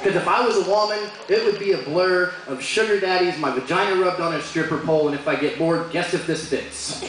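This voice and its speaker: A young man performing a stand-up comedy set in a bar, delivering crude jokes with deadpan punchlines. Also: high voice, brisk, noisy background. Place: bar stage with live audience. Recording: echoey bar room from far off.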